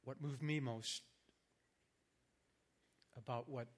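A man delivers a sermon in an earnest, reflective voice of middle pitch. He builds in force as he speaks, then eases back to a softer tone. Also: steady tone, slow. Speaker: preacher.

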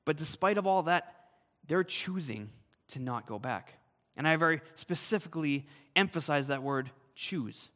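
A man's voice: a little high, animated, normal speed, few pauses, a bit bright, in a large hall. A man, a pastor, preaching a sermon with earnest, emphatic delivery.

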